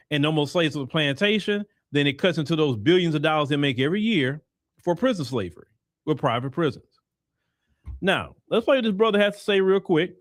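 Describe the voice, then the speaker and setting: A man's voice: fairly high pitch, no room sound, clean studio sound. Emphatic Texan man hosting commentary. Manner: emphatic, preachy, mocking quoted voices. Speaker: host. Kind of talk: commentary monologue.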